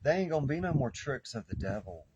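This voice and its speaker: A man's voice: mid-range voice, sing-song, quick pace, muffled recording, background noise. A man doing a spiritual tarot reading, speaking fervently like a preacher and repeating phrases for emphasis. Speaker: tarot reader.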